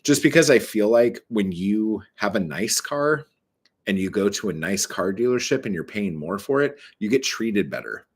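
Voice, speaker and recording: A man's voice: on the low side, animated, moderate pace, slightly rough. A man on a casual live stream, rambling with many fillers and self-corrections, swearing a lot as he vents his frustration.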